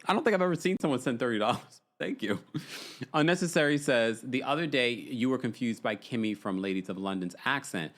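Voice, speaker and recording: A man hosts a call-in gossip show, reading viewer super chats aloud with jokes. His pitch leaps and dips all over as he talks. His voice sits in an ordinary middle register. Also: fast talker. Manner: animated, jokey, reads messages aloud.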